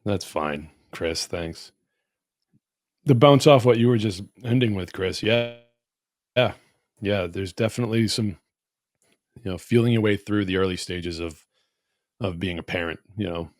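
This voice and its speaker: A man's voice: low voice, measured pace, long pauses, no room sound, clean studio sound. A man in a podcast roundtable, talking in an earnest, reflective and philosophical way. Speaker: podcast guest. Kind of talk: casual roundtable chat.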